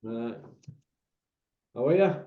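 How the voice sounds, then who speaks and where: A man's voice: medium pitch, expressive, takes it slowly. A man hosting a casual chat, full of teasing, laddish banter. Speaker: host. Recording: roomy, dull lo-fi sound.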